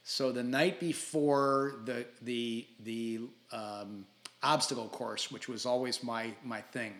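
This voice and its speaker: A man in his sixties, a podcast guest telling stories in a casual interview, animated and quick to laugh, often restarting his sentences. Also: mid-range voice. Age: 60s. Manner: animated, laughing storyteller who stumbles over restarts.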